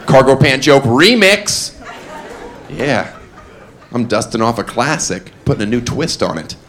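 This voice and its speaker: A man's voice: mid-range voice, animated, a little slow, a bit bright. Brash male stand-up comic, live crowd. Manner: brash, self-mocking, provocative. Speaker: stand-up comedian. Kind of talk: stand-up comedy routine. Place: comedy club stage. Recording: live club with crowd laughter. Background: audience laughter and chatter.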